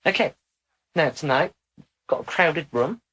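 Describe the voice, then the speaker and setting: Bright-voiced man channeling in measured tones. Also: on the high side, expressive, slightly rough, low-quality recording. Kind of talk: channeling session.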